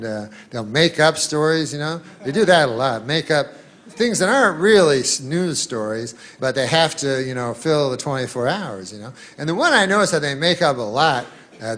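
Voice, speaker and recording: A middle-aged man from Canada doing deadpan stand-up, rambling through a long story and putting on voices for newsmen. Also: a little high. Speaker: stand-up comedian.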